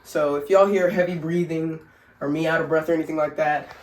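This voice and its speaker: Low-voiced and a little mellow, she keeps a steady tone and a brisk pace. The family vlogger, sick and short of breath, walks through simple home workouts in an echoey room, chatty and joking, often laughing at herself.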